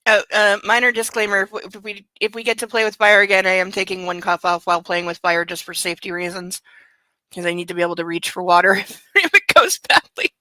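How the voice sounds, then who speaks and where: A woman's voice: mid-range voice, fast, bright, forceful tone, no echo, poor audio. A woman hosting a comedic book club at home, reading aloud and breaking off for casual, sarcastic asides.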